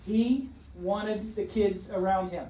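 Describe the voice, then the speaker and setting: A man's voice: sits high, slow, mellow. Man, 70s, retired coach, dedication speech, emotional and joking, distant mic, noisy gym. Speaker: retired teacher and coach giving a tribute. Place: large school gym. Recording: echoey gym, distant mic, background noise.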